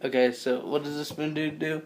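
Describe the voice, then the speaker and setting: Player, joking, laughing, casual tabletop banter, mid pitch. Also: level tone, normal speed, noisy background. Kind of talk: casual tabletop role-play.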